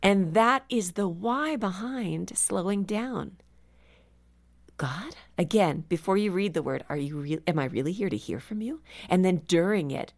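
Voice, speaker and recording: A woman author joins a faith talk show as a guest, her voice sitting slightly low. She talks earnestly and grows animated as she tells stories. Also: measured pace. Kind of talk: casual radio conversation.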